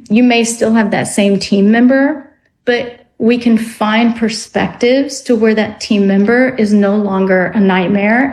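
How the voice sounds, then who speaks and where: A woman speaks as a guest on a radio talk show. Her delivery is reflective and explanatory. She slows down on some words as she works through her ideas. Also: medium pitch, a little mellow, low-quality recording. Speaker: guest author on dreams. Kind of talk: radio interview.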